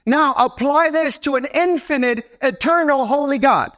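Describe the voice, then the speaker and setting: A young man preaching a sermon as pastor in a church, animated and talking straight to his congregation. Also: very high-pitched, moderate pace. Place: church sanctuary.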